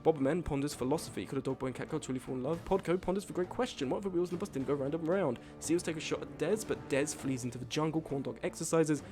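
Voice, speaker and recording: A man hosting a live stream, reading out game events in casual commentary, excitable and swearing freely while joking with his chat. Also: a little high, quick pace, few pauses, music in the background. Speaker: streamer host.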